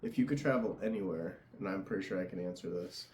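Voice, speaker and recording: Low dark-voiced man hosting a chat. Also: fast talker, slight background noise. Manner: easygoing, laughs often, chatty asides. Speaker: podcast host and tattoo artist. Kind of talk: casual interview chat.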